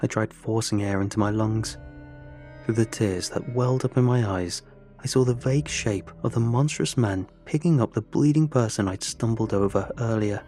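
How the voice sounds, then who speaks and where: A fairly low-pitched man narrates a horror story in a measured, dramatic way. Faint music hums beneath his voice. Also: dark tone.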